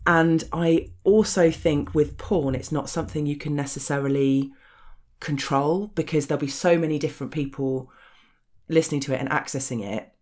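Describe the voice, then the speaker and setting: A woman's voice: low voice, moderate pace, a little mellow. Chatty woman with a posh English accent. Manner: chatty and frank, swears freely, laughs often. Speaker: interview guest. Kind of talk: casual interview chat.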